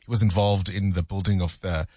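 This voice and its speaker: A man hosting a casual radio chat, easygoing and quick to laugh. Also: low voice, fairly even intonation, darkish tone, no echo, studio quality. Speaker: radio host.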